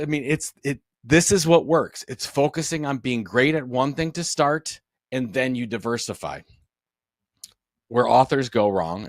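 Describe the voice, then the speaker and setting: An author and speaker presenting to listeners in a business webinar, his voice pitched in the middle for a man. He talks straight to the audience with energy and emphasis. The sound is close and dry, with no room around it. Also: no room sound.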